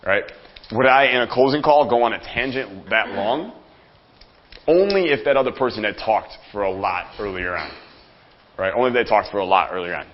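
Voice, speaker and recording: A man's voice: fairly low pitch, animated, normal speed, lo-fi sound, a little hiss or hum. A man coaching a live workshop audience on closing sales, talking energetically and joking with the room.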